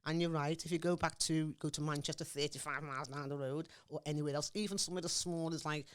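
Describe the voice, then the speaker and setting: Scouse woman in her forties, interview guest, rapid and emphatic, keeps checking the listener follows. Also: low-pitched, fairly even intonation, clear, resonant tone. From Liverpool, England. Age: 40s. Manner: emphatic, forthright, often asks "you understand me?". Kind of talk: impassioned interview talk.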